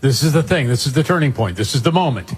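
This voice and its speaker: Husky man chiming in as co-host. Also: medium pitch, animated, fast. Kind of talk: casual talk radio chat.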